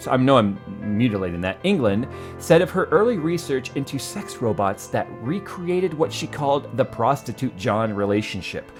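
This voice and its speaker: A man's voice: medium pitch, sing-song, moderate pace, faint music behind. A man co-hosting a casual tech talk show, joking around and reading an article in a playful, dramatic way. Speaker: co-host. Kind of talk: casual tech podcast chat.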